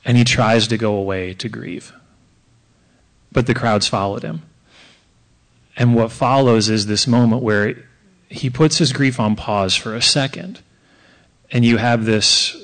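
A man's voice: mid-range voice, a little slow. A man on a church Q&A panel who lays out his points in order, thoughtful and lightly humorous. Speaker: church panelist, men's group leader. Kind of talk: panel discussion.

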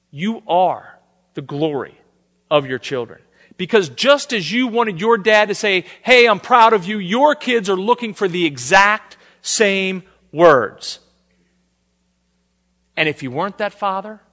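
A man preaching a sermon, shifting between soft, intimate lines and emphatic declarations. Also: sits high. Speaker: pastor. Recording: long hall reverb.

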